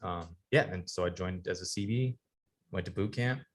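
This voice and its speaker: A man in his forties, a guest in a podcast studio, telling an animated, profane story and acting out the people in it. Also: sits low, normal speed. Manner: animated storyteller, acts out quoted people, swears freely. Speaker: podcast guest, retired Navy sailor. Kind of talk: casual storytelling interview.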